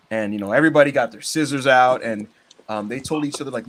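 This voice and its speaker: A man's voice: mid-range voice, quick pace, a bit bright. Rambling man recapping, swearing freely. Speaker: podcast host. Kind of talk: casual wrestling podcast chat.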